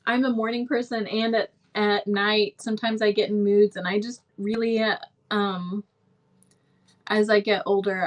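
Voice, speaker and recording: Woman reading a novel aloud, chatty asides to viewers, medium voice. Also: mid-range voice. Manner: casual asides, occasional restarts. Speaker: book reader.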